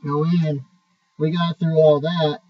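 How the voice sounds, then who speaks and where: A man's voice: a little high, level tone, slow. A truck driver rambling through a story in a loose, profane way, often restarting his sentences. His voice comes across as dull and distant, caught by a mic set away from him in a dry room with no echo. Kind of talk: casual spoken storytelling.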